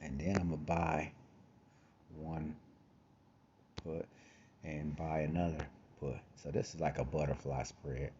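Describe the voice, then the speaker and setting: A low-voiced man with a mellow, relaxed tone talks through a screen-share trading tutorial in a loose, conversational way. He repeats himself and fills pauses, sounding a little tired. The home recording is slightly dull, with a faint hiss underneath. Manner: conversational, repeats himself, frequent fillers and asides. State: tired, yawning. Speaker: trading course host.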